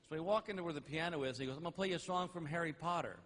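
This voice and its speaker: A middle-aged man doing live stand-up comedy on stage, telling stories and landing each punchline slowly and loudly. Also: on the high side, in a large hall. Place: large theater with audience. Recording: live stage recording with crowd laughter and noise. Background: audience laughing.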